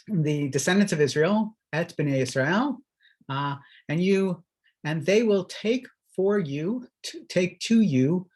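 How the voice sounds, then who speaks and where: A man, a rabbi, teaching a weekly Torah lesson in a halting way, with many fillers and restarts. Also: on the high side, low-quality recording. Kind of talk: Torah study talk.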